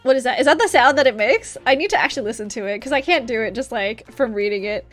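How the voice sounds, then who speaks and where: Streaming a game as a VTuber, a young woman chats casually and reads the in-game dialogue aloud with a giggly manner. She talks fast in an animated, high-leaning voice over soft background music.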